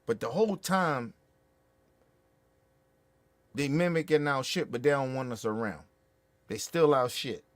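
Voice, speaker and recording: A man's voice: medium pitch, measured pace, long pauses, dry recording. A man hosting a show, ranting about politics in a heated, profane way with angry bursts. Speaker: show host.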